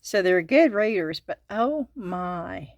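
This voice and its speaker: Slow-talking Southern woman, chatty craft host. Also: on the low side, lively intonation, no echo. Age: older. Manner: chatty, giggly, addresses viewers as y'all. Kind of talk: casual unboxing chat.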